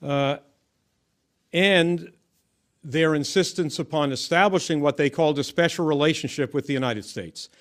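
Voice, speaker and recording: A man giving measured, emphatic political commentary, often restarting his phrases. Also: on the high side, a bit bright.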